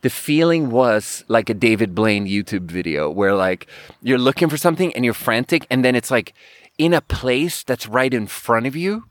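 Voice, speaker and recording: A man hosting a podcast, telling a funny travel story in a rambling, animated way and laughing at his own punchlines. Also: medium pitch, moderate pace, no room sound. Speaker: podcast host. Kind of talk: casual storytelling.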